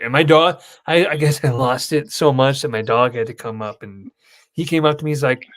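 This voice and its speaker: Young guy host, rambly casual chat, emotional story, middle pitch. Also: fairly quick, fairly bright tone.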